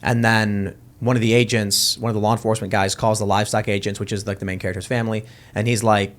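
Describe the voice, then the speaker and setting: A man's voice: lowish voice, flat delivery, fast talker, hardly any pauses. Man rambling through a story. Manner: rambling retelling with restarts. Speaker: podcast host. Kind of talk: casual panel chat.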